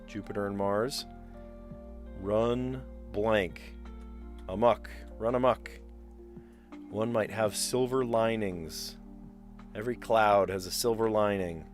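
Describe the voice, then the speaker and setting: A man's voice: on the low side, takes it slowly, pauses often, soft background music. A man live-streaming word puzzles, thinking aloud as he mutters guesses and chats with viewers. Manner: chatty with viewers.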